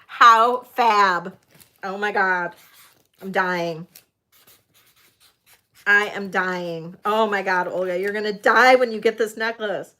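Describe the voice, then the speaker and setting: A woman hosting a livestreamed vintage jewelry auction, chatting to viewers and gushing excitedly over the pieces. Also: mid-range voice, slow pace, pauses often. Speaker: host of a live jewelry sale. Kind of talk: live auction chat.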